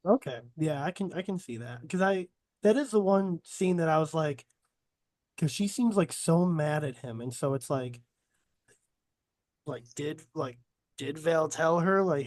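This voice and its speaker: A man's voice: on the high side, moderate pace, darkish tone, no echo. A young man hosting a casual podcast, asking rambling questions full of fillers. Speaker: podcast host. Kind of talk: casual chat.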